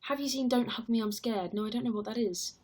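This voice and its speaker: A woman's voice: fairly high pitch, fast, a little mellow, husky. A young woman chatting casually on a livestream, rambling and answering viewer comments. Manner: chatty and rambling, heavy use of "like". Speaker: stage actor and livestreamer.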